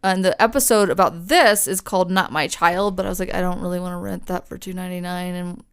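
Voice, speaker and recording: Young woman podcaster rambling through a story, swears a lot, says like constantly, clean smooth voice. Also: fairly low pitch, fast. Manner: chatty, swears freely, lots of fillers. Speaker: podcast co-host. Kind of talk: casual chat, storytelling.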